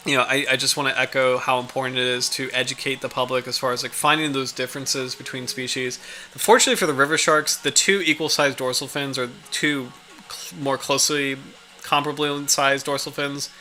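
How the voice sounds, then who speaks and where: A man's voice: mid-range voice, sharp tone. A man hosting a casual livestream, reading out a study and chatting with viewers, with many fillers and restarts. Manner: rambling, reads out study, chats with viewers. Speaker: livestream host.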